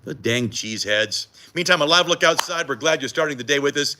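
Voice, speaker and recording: A man's voice: a little high, expressive, a little fast, sharp tone. A man co-anchoring a morning TV news show, joking and teasing his co-host in casual banter behind the scenes. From United States.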